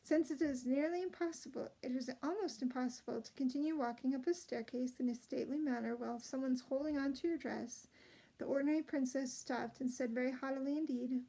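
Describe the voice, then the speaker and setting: A woman reading a children's novel aloud, gentle and expressive, with small slips and restarts. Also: high voice, brisk, vocal fry, poor audio. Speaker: storybook reader.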